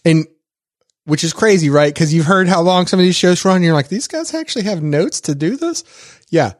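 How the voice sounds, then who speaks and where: A man's voice: sits high, lively intonation, a little fast, no echo, clean studio sound. A man co-hosting a podcast, chatting playfully and joking with his co-hosts, often rambling and restarting his sentences. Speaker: podcast co-host. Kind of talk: casual podcast banter.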